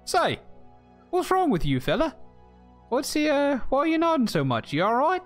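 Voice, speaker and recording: A man's voice: very high-pitched, wildly swooping pitch, moderate pace, faint music behind, pitched above the performer's own voice, exaggerated voice. A man voicing a suspicious male town gate guard who questions travelers and repeats himself. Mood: nosy.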